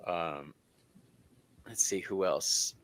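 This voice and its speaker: A man hosting a casual tarot reading chat, chatty and quick to laugh. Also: low voice, no echo. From United States. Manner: chatty and giggly, laughs often. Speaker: tarot reader host.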